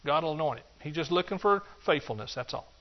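Guy preaching a sermon, kinda high voice, jokes around, muffled lo-fi audio. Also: fast talker. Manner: animated, jokey, acts out excuses in a higher voice. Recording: dull lo-fi sound.

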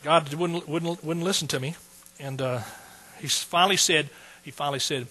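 Folksy preacher with a husky voice. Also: male voice, mid-range voice, steady tone, normal speed, pushed and bright, rough recording. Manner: folksy, emotional storytelling with fillers. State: close to tears. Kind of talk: sermon testimony.

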